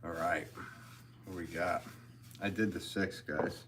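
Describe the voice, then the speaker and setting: A man's voice: sits low, steady tone, takes it slowly, a bit bright, a little hiss or hum. A man, a potter hosting a livestream, talking loosely in a casual, rambling way and reading viewer comments aloud. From American Northeast.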